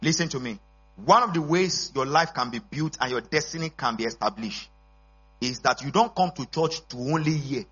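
In a church service, a male pastor delivers a sermon at a moderate pace, driving his points home with call-and-response and sudden shouts. His high, bright, husky voice swings widely in pitch. The recording sounds dull and lo-fi, with a steady mains hum beneath it.

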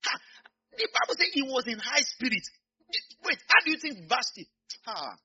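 Animated Nigerian preacher, high husky voice. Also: male voice, normal speed, lo-fi sound. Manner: animated, swings from quiet asides to shouting. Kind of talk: sermon.

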